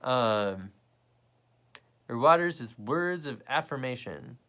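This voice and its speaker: A young man hosting a casual livestream, chatting to viewers bluntly and profanely while mimicking people in quick bits. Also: mid-range voice, lively intonation, fairly bright tone. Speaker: livestream host. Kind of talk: casual live chat reading viewer comments.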